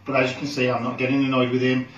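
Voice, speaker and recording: A man working as a dog trainer, calmly explaining a training session with frequent ums. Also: mid-range voice, rapid-fire, distant mic, highs cut off. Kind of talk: instructional training video. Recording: roomy sound, speaker off from the mic.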